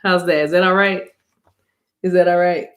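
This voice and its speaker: A woman's voice: lowish voice, steady tone, normal speed. A woman hosting a spiritual reading livestream on her phone, chatting casually with viewers, laughing, and calling them y'all. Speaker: spiritual reader and channel host.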